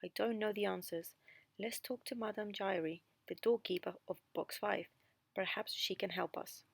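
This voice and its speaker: A woman's voice: mid-range voice, moderate pace, vocal fry, slightly rough, no room sound. A woman voicing a weary, patient male opera director in a storybook reading.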